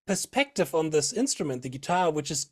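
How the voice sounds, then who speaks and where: A man with a fairly high voice asks interview questions. His phrasing is earnest and a little halting. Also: very animated. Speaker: interviewer, guitar teacher.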